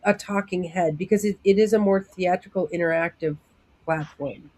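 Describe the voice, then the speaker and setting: A woman's voice: on the low side, normal speed, darkish tone. A woman producer leading a casual planning meeting over a video call, talking in a chatty way with many fillers. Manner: chatty, full of "like" fillers, acts out quotes.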